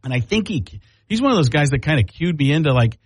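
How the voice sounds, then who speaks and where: Comedian guy rambling in an interview, husky voice, dry sound. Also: a little high, sing-song, fast talker, dry recording. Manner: rambling, with restarts, slipping into voices. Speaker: comedian and impressionist guest. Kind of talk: casual interview chat.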